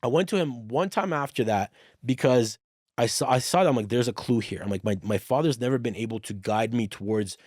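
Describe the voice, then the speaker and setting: A man speaks in casual chat as a podcast guest, telling his story with energy and plenty of swearing. He acts out the lines of the people in it. The sound is dry and close, with his voice sitting at an ordinary male pitch. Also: brisk, dry recording. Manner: animated, swears freely, acts out quoted dialogue.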